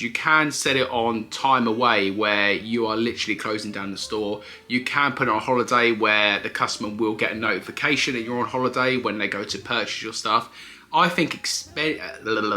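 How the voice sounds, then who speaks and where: A man who resells on eBay answers viewer questions in a casual, chatty vlog, explaining things and correcting himself as he goes. His voice is medium-pitched with a sharp tone.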